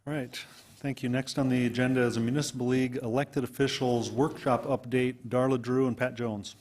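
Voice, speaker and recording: A man's voice: medium pitch, flat delivery, fairly quick, darkish tone. A man chairing a city council meeting, announcing agenda items.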